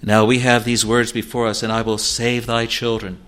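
A man preaching a sermon in an earnest, pleading manner, slowing for scripture and rising to emphatic peaks. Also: mid-range voice, level tone, a bit bright, smooth. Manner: slow, deliberate delivery of scripture.

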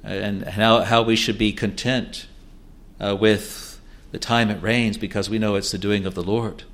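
A man preaching a sermon, measured and emphatic, often repeating words and phrases. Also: on the low side, flat delivery, fairly bright tone. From New Zealand.

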